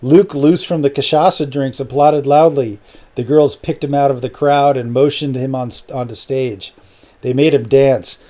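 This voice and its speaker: A male audiobook narrator who tells the story in a steady, matter-of-fact manner. His voice sits at a middle pitch with a mellow, relaxed tone. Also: normal speed. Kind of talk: scripted narration.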